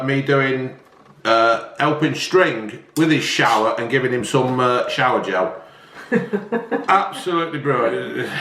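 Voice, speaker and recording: A man's voice: mid-range voice, a bit bright, slight background noise. A man, chatting casually to viewers and swearing freely as he makes food at home. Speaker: vlog host. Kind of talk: casual cooking vlog chat. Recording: echoey room.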